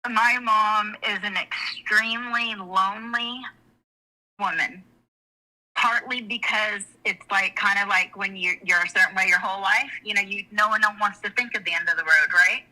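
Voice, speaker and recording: A middle-aged woman with a very bright, piercing voice, talking openly as an interview guest. She speaks frankly and emotionally, wandering off and restarting her sentences. Her pitch sits at an ordinary middle height for a woman. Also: moderate pace, poor audio. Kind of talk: candid personal storytelling in conversation.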